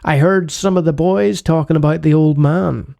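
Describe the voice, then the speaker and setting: A man's voice: a little high, fairly even intonation, normal speed, vocal fry, mellow. A man voicing a young would-be mob boss from a 1930s gangster game, reading his lines in tough-guy gangster slang. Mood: scheming.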